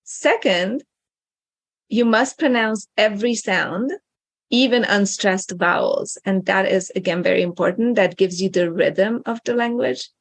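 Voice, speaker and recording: Casting: woman teacher, gravelly voice, methodical explainer, dry close sound. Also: mid-range voice, measured pace, dry recording. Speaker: guest language teacher. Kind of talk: explaining pronunciation.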